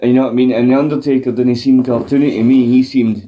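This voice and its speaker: Guy in his 30s, swears a lot, warm mellow voice, casual podcast chat. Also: mid-range voice, fast talker, slight background noise. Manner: sweary, animated storytelling. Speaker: podcast co-host.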